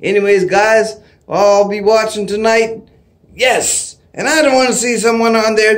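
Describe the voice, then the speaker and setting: A middle-aged man from Canada vlogging at home in a casual, excitable way, laughing often and whooping loudly. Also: sits high, a little slow. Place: home, indoors.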